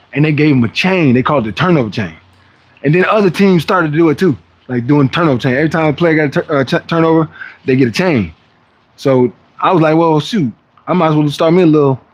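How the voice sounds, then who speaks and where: Chatty fitness streamer, higher-pitched man. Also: slightly rough. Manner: rambling and chatty, often acting out other people's voices; loose, slangy talk with repeated restarts. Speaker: fitness livestream host. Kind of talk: casual live-stream chat to viewers.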